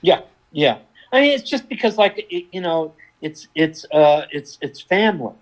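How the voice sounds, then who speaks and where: An older man, an actor giving thoughtful, wry answers in a relaxed interview, pausing and restarting as he thinks. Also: a little high, rough recording. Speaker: actor guest.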